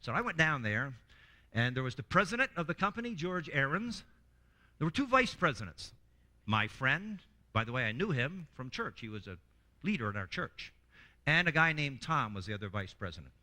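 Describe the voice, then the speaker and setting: Bright, animated man teaching a workshop. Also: medium pitch. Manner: lively, acts out quoted voices, often restarts words. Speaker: workshop presenter. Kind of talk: animated teaching talk with humor.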